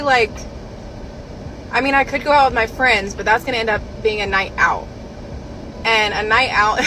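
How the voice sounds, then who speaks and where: Twenties woman, casual vlog rant, a bit high, outdoor traffic noise. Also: sharp tone, rough recording. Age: 20s. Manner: chatty, exasperated.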